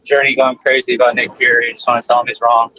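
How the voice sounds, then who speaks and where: A man's voice: mid-range voice, flat delivery, fast, a crowd in the background. A brash, swearing man talking casually while driving. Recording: dry lo-fi audio.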